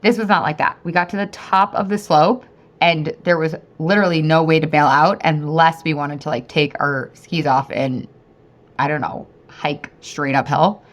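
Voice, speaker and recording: A woman in her thirties hosting a podcast, telling a story in a chatty, animated way and often talking straight to her listeners. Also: low-pitched, normal speed. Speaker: podcast host and weight-loss coach. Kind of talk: casual storytelling monologue.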